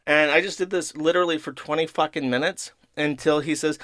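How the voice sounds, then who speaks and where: A man's voice: on the high side, fairly even intonation, fast talker, few pauses, pushed and bright, no room sound. A man hosting a show, telling a story in an irritated, profane, sarcastic rant. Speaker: streamer host. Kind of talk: casual ranting monologue.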